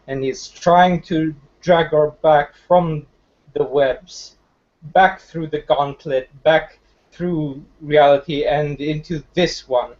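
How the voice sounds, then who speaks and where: A man playing a tabletop role-playing game, slowly describing his character's actions with many fillers. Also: a little high, a little mellow, dull audio. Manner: slow, searching, with many fillers. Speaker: player.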